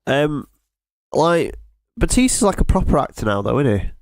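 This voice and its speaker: A man's voice: a little high, big pitch swings, normal speed, gravelly, no echo. A man co-hosting a podcast, trading laid-back, cheeky banter. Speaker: podcast co-host. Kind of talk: casual chat.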